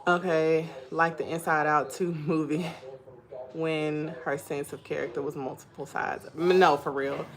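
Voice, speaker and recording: A young woman with a low-pitched, unhurried voice hosts a casual live stream. She reads out viewers' comments, tells stories animatedly, and laughs a lot.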